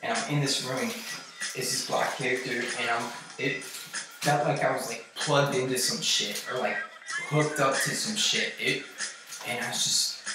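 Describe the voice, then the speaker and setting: A man recounting a personal experience in a halting, rambling way, full of fillers and swearing. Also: medium pitch, fairly even intonation. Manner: halting, filler-heavy, profane. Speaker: vlogger recounting a trip. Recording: very echoey, distant mic, music behind.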